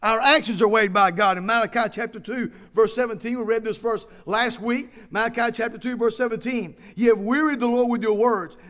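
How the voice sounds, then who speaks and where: A man's voice: very high-pitched, steady tone, fairly quick, hardly any pauses, fairly bright tone. A male pastor preaching a sermon, reading scripture aloud and stressing his points with emphatic repetition.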